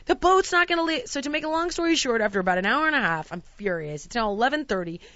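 Animated female talk host, bright tone, dry close mic, somewhat lo-fi. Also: very fast, dry recording. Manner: animated, acts out quotes with big pitch jumps and shouts. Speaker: podcast host. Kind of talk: casual storytelling chat.

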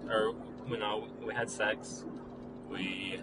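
A man's voice: lowish voice, flat delivery, takes it slowly, vocal fry. Young guy rambling about his own story, lots of likes and ums, kinda self-critical, car noise in the back. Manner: rambling, filler-heavy retelling, self-critical. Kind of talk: casual personal storytelling.

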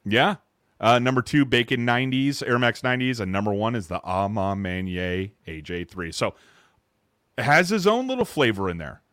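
Profane excitable man, dry mic. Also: mid-range voice, normal speed, dry recording. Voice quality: profane, restarts often. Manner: excitable, loud outbursts when mock-outraged. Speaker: podcast host. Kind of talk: casual sneaker podcast chat.

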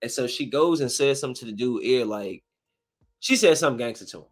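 A man's voice: medium pitch, fast talker. Rambling man retelling a film. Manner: rambling, animated, acts out the characters' lines. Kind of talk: casual retelling of a movie plot.

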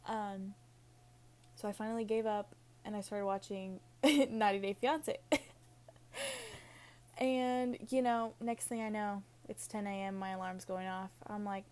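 A woman's voice: medium pitch, fairly even intonation, measured pace, pauses often, a little mellow. Rambling Valley-girl-sounding young woman. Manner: Valley-girl-like, says "like" and "literally" constantly; laughs at her own jokes. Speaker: podcast host. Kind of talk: casual rambling podcast monologue.

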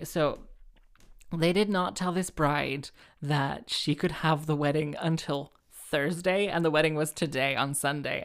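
A woman with a low-pitched voice rambling through a casual solo monologue. She mocks herself, laughs often and trips over restarts and filler words as she goes. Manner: chatty, self-mocking, giggly, many fillers and restarts. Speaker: solo show host and harpist.

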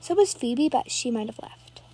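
A woman's voice: on the high side, expressive, moderate pace, dark tone, breathy edge, soft background music. A woman giving live, rambling commentary while playing an online game, nervously narrating every move aloud.

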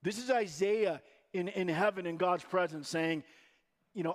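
A man's voice: high-pitched, unhurried. A man preaching a sermon as pastor, in a conversational, storytelling manner.

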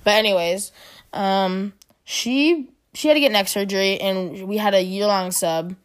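A woman's voice: mid-range voice, a little slow. A teenage girl telling school stories in casual chat, rambling and giggling. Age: teens. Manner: rambling, giggly, restarts a lot.

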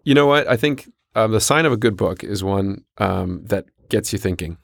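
A man's voice: lowish voice, expressive, moderate pace, creaky, dry recording. A middle-aged man from New Zealand with a Canadian accent, a modest and easygoing podcast guest thinking aloud in a library sound studio. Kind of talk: casual interview chat.

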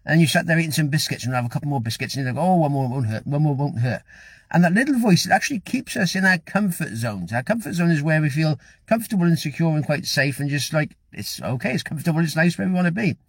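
A middle-aged man delivers an earnest motivational talk at a quick clip, circling back to the same phrases. His voice sits a touch high for a man and carries a husky edge. The sound is dry and close, with no room around it. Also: big pitch swings, no room sound. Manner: rambling, earnest, repeats phrases. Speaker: motivational vlogger. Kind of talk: casual motivational talk to camera.

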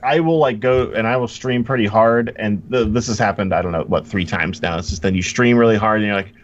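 A man's voice: fairly low pitch, brisk. A man co-hosting a casual podcast, rambling and self-deprecating with many fillers. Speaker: podcast co-host. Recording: dull lo-fi mic with faint noise.

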